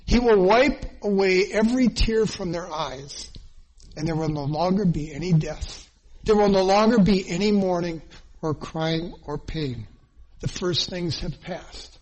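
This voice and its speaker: A man delivering a sermon in a high-pitched voice. He speaks slowly, lingering on phrases and repeating them for emphasis. His tone stays earnest throughout. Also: darkish tone, rough recording. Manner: earnest, dwells on phrases with slow emphatic repetition. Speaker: pastor.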